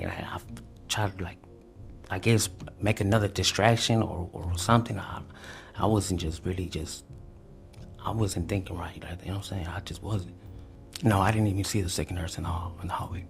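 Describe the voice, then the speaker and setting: A man with a low voice and a gravelly, creaky texture. He speaks haltingly in a police interview, with many restarts and fillers. When he quotes others his voice goes loud and high. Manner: acts out quotes loudly, high and tense. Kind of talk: recorded police interview testimony.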